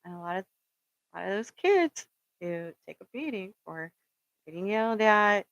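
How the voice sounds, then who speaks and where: A woman's voice: medium pitch, very animated, moderate pace, a bit bright, no room sound, highs cut off. A middle-aged woman, host of a spiritual reading channel, in a casual, rambling motivational talk. She fills her story with ums and earnest pep talk, and swears now and then for emphasis. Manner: rambling and storytelling, with many fillers.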